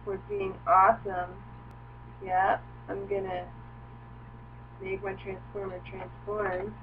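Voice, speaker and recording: A young woman chatting casually in a home video, cooing to her dog now and then in a high voice. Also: little pitch movement, slow. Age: young adult. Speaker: vlogger. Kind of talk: casual chat. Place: home room. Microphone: laptop webcam mic. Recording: tinny lo-fi webcam audio with hum.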